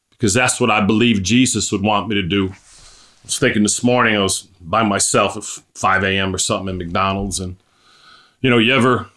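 Middle-aged male preacher, bright cutting tone, impassioned sermon delivery with slow scripture reading. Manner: impassioned, rising to emphatic high-pitched peaks.

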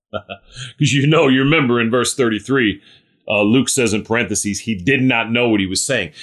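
A man's voice: mid-range voice, a bit bright. A man leading a small-group Bible study, earnest and conversational, often checking in with his listeners.

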